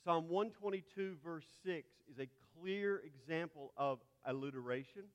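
A man's voice: on the high side, moderate pace. A man with a Texas accent teaching a Bible class, spelling out terms letter by letter as he lectures. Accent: Texan. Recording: long hall reverb.

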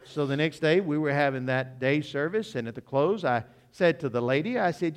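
A man's voice: on the high side, expressive, fairly quick, hardly any pauses. A man preaching a sermon, telling a story with humor and appealing directly to his listeners. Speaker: visiting preacher. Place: church sanctuary. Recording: long reverb of a church hall.

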